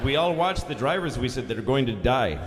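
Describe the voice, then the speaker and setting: A man doing stand-up storytelling, profane and animated, acting out the people in his story with big swings of voice. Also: medium pitch, fairly quick, in a large hall, heavy background noise. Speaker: stand-up comedian.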